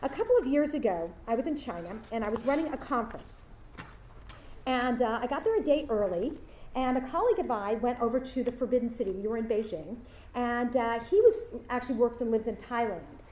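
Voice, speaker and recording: A woman's voice: fairly high pitch, lively intonation, a little fast, dark tone, slight background noise. A woman giving a graduation speech, telling a story and acting out the voices of its people. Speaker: commencement speaker. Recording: echoey hall from far off.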